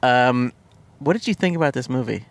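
A man's voice: animated, moderate pace. A man co-hosting a comedy movie podcast, chatting playfully and joking around, recorded in a car. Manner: playful, jokey, breaks into goofy high voices. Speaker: podcast co-host. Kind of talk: casual comedic chat.

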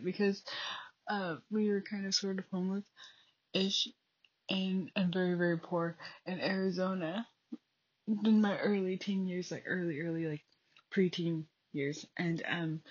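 A young adult woman hosting a casual solo podcast from home at night, talking quietly and rambling with many fillers into a phone. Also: fairly low pitch, breathy edge. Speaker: podcast host. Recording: dull lo-fi phone recording.

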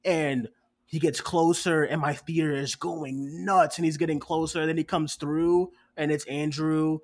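A man's voice: a little high, unhurried. A man co-hosting a casual movie reaction show, telling his theater experience with lots of energy, acting out lines and laughing. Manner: animated storyteller, acts out quotes, swears, laughs often.

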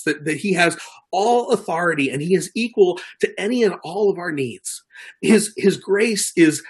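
A man's voice: fairly high pitch, slightly rough. A middle-aged man preaching a sermon in an earnest way, often repeating words and restarting. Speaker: pastor.

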